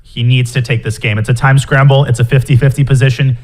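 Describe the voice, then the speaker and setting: A man's voice: medium pitch, steady tone, fast talker, a little mellow. A man co-commentating a live chess broadcast, explaining moves and plans analytically.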